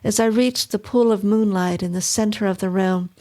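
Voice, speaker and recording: A woman narrating a horror story in a measured, suspenseful reading. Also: mid-range voice, steady tone, dark tone.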